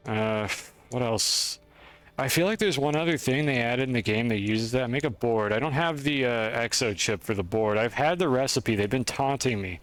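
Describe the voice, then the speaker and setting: A man's voice: medium pitch, a bit bright. A man streaming a game, chatting through his moves in a rambling, self-deprecating way. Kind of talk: gameplay commentary.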